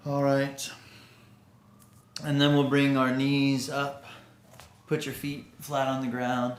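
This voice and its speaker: A man teaching a theatre class, guiding a breathing and vocal warm-up in a slow, calm, soothing way. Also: mid-range voice. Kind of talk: guided vocal warm-up instruction. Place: indoor room, recording himself on camera. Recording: echoey room.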